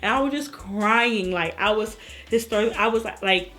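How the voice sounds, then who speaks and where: A woman's voice: mid-range voice, moderate pace, a bit bright, faint music behind. A young woman, telling a story in a casual vlog and acting out the people in it. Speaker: vlogger.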